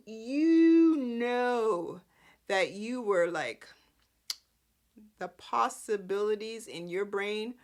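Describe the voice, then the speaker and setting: A woman hosting a podcast, recapping soap opera episodes in a chatty, sarcastic way with lots of "like" fillers. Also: mid-range voice. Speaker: podcast host.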